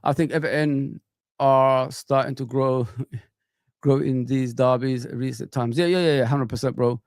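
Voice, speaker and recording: A man hosting a fan channel, chatting casually and at length, animated and rambling with lots of fillers. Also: medium pitch, a little slow, dry recording, clean studio sound. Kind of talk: casual live reaction chat.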